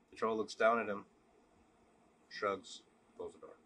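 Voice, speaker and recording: A man vlogging, telling a long joke and then talking candidly in a relaxed, casual way. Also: fairly low pitch, measured pace, long pauses, slight background noise. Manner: relaxed, candid, repetitive storytelling. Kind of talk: joke storytelling and casual reflection.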